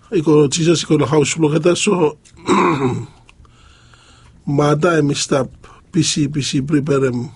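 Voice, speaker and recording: A man preaching a sermon, halting and pausing often. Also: fairly high pitch, vocal fry, darkish tone, breathy edge. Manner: halting, with many pauses and fillers.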